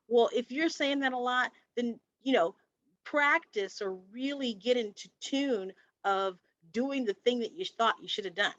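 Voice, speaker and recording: A woman's voice: on the high side, normal speed, fairly bright tone, no room sound. A woman co-hosting a podcast in casual conversation, reflective and repeating phrases for emphasis. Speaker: podcast co-host. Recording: dry, dull lo-fi sound.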